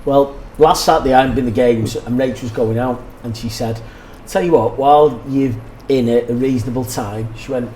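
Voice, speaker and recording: A man's voice: mid-range voice, steady tone, normal speed, hardly any pauses, darkish tone, reverberant, a little hiss or hum. A man with a Northern English accent, co-hosting a podcast and telling a funny story in casual chat. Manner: laughing, storytelling. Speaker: podcast co-host.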